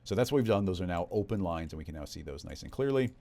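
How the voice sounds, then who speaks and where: A man walking through a software tutorial in a relaxed, conversational step-by-step way. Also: low voice, quick pace. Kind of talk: screen-recorded software tutorial.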